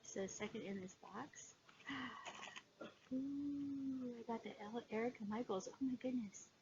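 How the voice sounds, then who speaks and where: Excitable woman vlogger, gravelly voice. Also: on the high side, slow pace. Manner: excitable, gushing, many fillers. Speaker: cross-stitch vlogger. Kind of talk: casual haul video chat. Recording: dull lo-fi sound with background noise.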